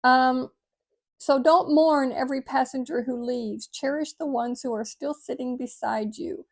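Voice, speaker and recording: An older retired woman, gently reflecting to her viewers in a heartfelt video talk. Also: high-pitched, steady tone, a little slow. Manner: gentle, heartfelt, sometimes choked up. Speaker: vlogger. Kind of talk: reflective talk reading an inspirational piece.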